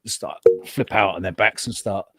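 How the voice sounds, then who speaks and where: A man's voice: low-pitched, fairly even intonation, normal speed, fairly bright tone, dry recording, clean studio sound. A man co-hosting a casual chat, telling rambling, profane stories with many restarts. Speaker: co-host.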